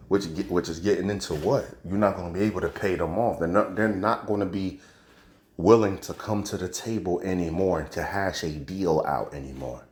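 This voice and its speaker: Man, deep, casual street-slang commentator with a preacher's bent. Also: steady tone, normal speed. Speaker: religious commentator. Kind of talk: casual commentary on news and prophecy.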